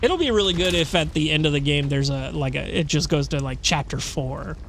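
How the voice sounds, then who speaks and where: A man's voice: on the high side, a little fast, gravelly, a bit bright, a little hiss or hum. A young man commentating casually on a horror game, rambling, laughing and swearing. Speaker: let's play host.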